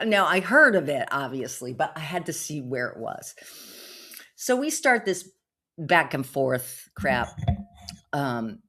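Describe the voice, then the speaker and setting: A woman's voice: low voice, fairly bright tone. A middle-aged woman hosting a podcast, telling a rambling personal story in a chatty way full of asides and fillers. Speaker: podcast host. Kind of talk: casual storytelling monologue.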